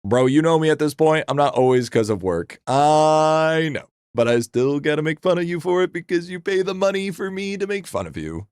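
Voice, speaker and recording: A man's voice: a little high, moderate pace, hardly any pauses, clear, resonant tone, no echo, studio quality. Rambling, foul-mouthed male game streamer. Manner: rambling, profane, excitable. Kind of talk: casual live-stream chat.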